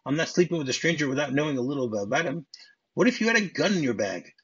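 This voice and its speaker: A man reading out the lines of a pushy, talkative traveling man, with a mildly indignant script-reading delivery and a husky voice. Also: fairly high pitch, lively intonation, rapid-fire, a bit bright, full character voice. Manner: read aloud from a script with mild indignation. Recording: dull muffled audio.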